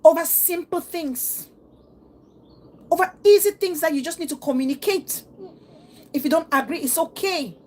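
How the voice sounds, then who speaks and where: A woman's voice: very high-pitched, moderate pace, pauses often, darkish tone. A middle-aged woman vlogger giving an earnest, emotional and preachy monologue to her viewers. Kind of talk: heartfelt vlog monologue.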